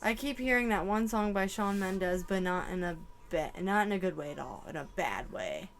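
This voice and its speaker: A woman's voice: mid-range voice, moderate pace, a little hiss or hum. A young woman giving an emotional channeled psychic reading, full of exclamations and swearing. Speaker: tarot reader.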